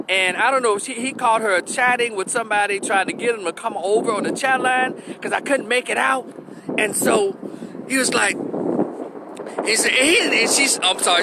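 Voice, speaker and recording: A man telling a story on his YouTube channel in a rambling, profane, animated way. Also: high-pitched, moderate pace, noisy background. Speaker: YouTube creator. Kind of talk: storytime vlog.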